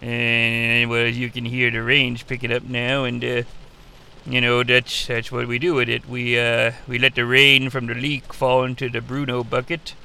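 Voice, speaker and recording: A man's voice: mid-range voice, monotone, unhurried, gravelly, pushed and bright, clean tone, full character voice. A man playing a rambling, easily sidetracked old wrestling-family patriarch in a comedy podcast. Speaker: podcast host character. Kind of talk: improvised comedy character monologue.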